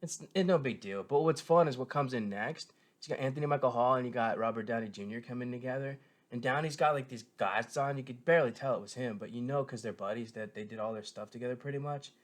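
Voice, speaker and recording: A man's voice: mid-range voice, fast. Rambling man in casual commentary. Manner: meandering, filler-heavy, frequent self-corrections; enthusiastic fan tone. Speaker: show reviewer.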